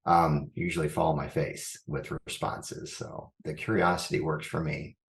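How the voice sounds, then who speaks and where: Man in an echoey room, low voice, earnest guest who thinks out loud. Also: little pitch movement, moderate pace, vocal fry. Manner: earnest, thinks aloud with frequent restarts. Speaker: school superintendent guest. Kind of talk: reflective interview answers.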